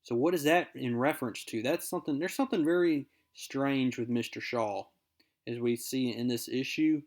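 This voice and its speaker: A young man talks through a comic book issue in a relaxed, upbeat recap. His voice sits at an ordinary middle pitch, and he reads character quotes aloud as he goes. The delivery is friendly and conversational. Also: moderate pace.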